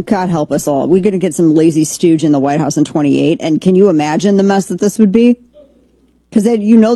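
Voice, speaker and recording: A woman's voice: fairly low pitch, warm tone, slightly rough, no echo. A woman hosting a political commentary show, opinionated and rambling, with frequent restarts. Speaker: podcast host.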